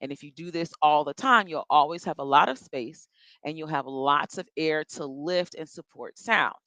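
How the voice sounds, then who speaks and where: A woman's voice: low voice, moderate pace, fairly bright tone, no echo. Chatty female vocal coach, dry sound. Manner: chatty, encouraging, demonstrates breathing and yawns. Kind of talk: workshop instruction.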